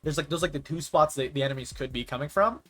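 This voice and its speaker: A man's voice: fairly high pitch, quick pace, fairly bright tone, soft background music. A young man streaming a game, chatting casually and rambling, often saying "like" and ranting when annoyed. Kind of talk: casual live-stream chat while gaming.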